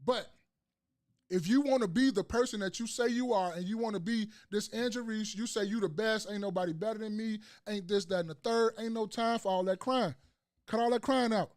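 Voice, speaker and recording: Speaking a little fast in a high-pitched voice, a podcast host rants with emphasis during a casual chat, using slang and swearing and hammering home points by repeating phrases.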